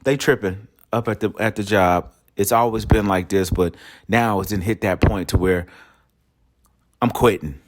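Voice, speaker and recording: A man's voice: lowish voice, normal speed. A man hosting a travel show, telling a story in a casual, slangy way and acting out the dialogue. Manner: animated, slangy, acts out dialogue.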